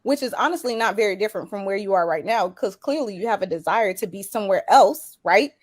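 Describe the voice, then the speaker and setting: A woman's voice: medium pitch, expressive, fast talker, dry recording. A woman guest talking in a passionate, motivational way about her own journey, voice rising with emotion. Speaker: guest, business coach. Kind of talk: casual interview chat.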